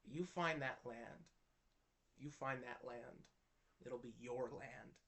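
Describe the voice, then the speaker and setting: A man voicing a gentle, hopeful old king in a soft, hushed voice. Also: medium pitch, takes it slowly. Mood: tender.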